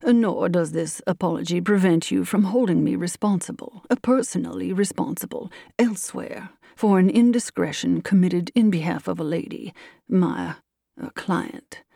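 A woman voicing a courtly older male colonel and lawyer who speaks slowly and with grave politeness. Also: lowish voice, gravelly, warm tone, no room sound, clean studio sound. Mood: bland courtesy. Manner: slow, measured, politely grave.

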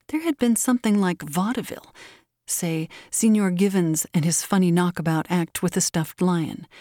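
A woman reads a short story in a measured, expressive style. Her voice sits on the lower side, and the recording is dry, with no room sound. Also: dry recording. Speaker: narrator. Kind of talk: audiobook short story reading.

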